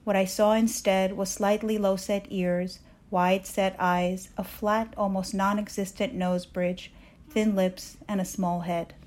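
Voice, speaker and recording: A woman reading her own personal essay aloud in a measured, candid storytelling voice. She grew up in Soviet Ukraine. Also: medium pitch, little pitch movement, darkish tone.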